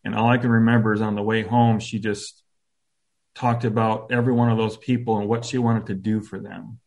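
Man in his 50s, lowish voice, telling his story in an interview, thoughtful and halting w/ a bit of humor. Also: flat delivery, vocal fry. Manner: reflective, halting, with soft self-deprecating humor. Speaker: interview guest.

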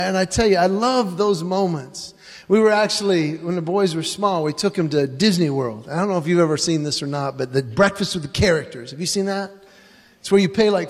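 High-voiced man doing stand-up comedy. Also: in a large hall. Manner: animated storyteller acting out his kids and himself. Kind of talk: stand-up comedy for a live audience.

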